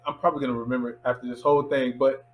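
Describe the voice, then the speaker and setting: Animated man in his thirties telling stories. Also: medium pitch, very fast, slight background noise, rough recording. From Miami, USA. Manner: animated anecdote teller who acts out quoted voices. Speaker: filmmaker guest. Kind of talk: casual interview storytelling.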